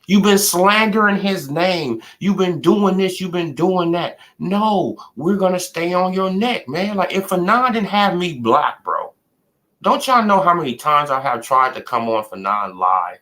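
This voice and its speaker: A young man ranting in a casual live stream, trash-talking with lots of repetition and bursts of loud laughter. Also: high-pitched, lively intonation, a little slow. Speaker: boxing commentary streamer.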